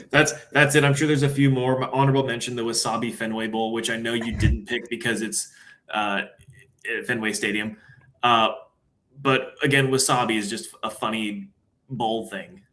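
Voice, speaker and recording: A young man with a mid-range voice co-hosts a casual sports talk stream. He runs through his picks in quick, easygoing rundowns and keeps an upbeat tone. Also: mid-range voice, steady tone, fairly bright tone. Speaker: sports show co-host.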